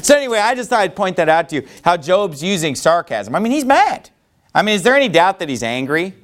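Male Bible teacher, lively and a bit high, casual with fillers. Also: quick pace. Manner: animated, conversational, many fillers. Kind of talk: Bible lesson to a class.

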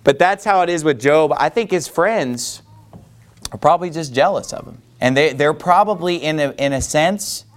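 Male Bible teacher, lively and a bit high, casual with fillers. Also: normal speed. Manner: animated, conversational, many fillers. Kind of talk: Bible lesson to a class.

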